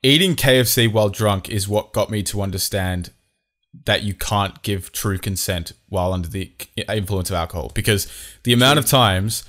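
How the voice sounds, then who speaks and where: A man's voice: fairly low pitch, moderate pace, a bit bright. Joking young Australian man. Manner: joking banter, swears freely. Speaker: podcast co-host. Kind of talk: casual chat.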